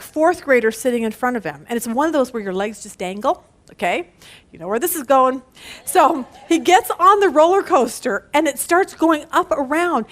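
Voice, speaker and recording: A woman leading a women's Bible study, telling stories casually and with animation, often laughing at them. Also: sits high. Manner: animated storyteller who laughs at her own stories; casual and conversational.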